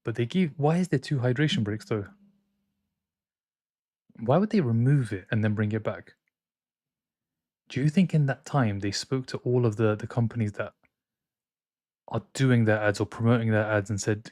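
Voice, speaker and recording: A man's voice: medium pitch, normal speed, pauses often, darkish tone, no echo, clean studio sound. A young man hosting a football watchalong stream, casually reading out viewer chat and giving strong opinions. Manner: reads out and answers viewer chat, opinionated banter. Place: home streaming room in France.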